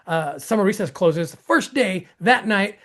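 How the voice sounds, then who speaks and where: Animated man telling a story. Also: unhurried. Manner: excitable, acts out quoted dialogue with jumps in pitch; frequent restarts and laughter. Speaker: host.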